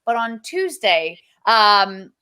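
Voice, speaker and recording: A woman's voice: mid-range voice, very animated, slow pace, sharp tone, smooth. A woman comedian speaking candidly and casually in a video-call panel chat. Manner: candid, chatty, swears casually. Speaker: comedian guest.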